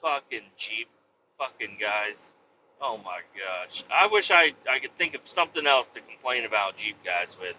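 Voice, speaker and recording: A man hosting a comedic rant, swearing constantly, mocking and shouting in bursts. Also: medium pitch, big pitch swings, unhurried, highs cut off, a little hiss or hum. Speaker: host.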